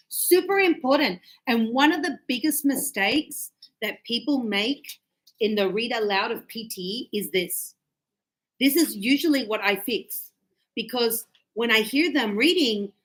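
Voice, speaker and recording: A woman teaching an English grammar lesson to a class, animated and teasing, acting out her students' replies. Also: on the high side.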